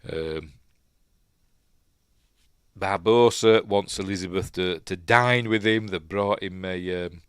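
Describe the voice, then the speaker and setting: A man's voice: deep voice, takes it slowly, long pauses, smooth, no room sound, studio quality. A man with a Yorkshire accent giving casual, rambling commentary on a film as he watches, chatty and prone to tangents. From Yorkshire, England. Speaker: film reviewer, channel host.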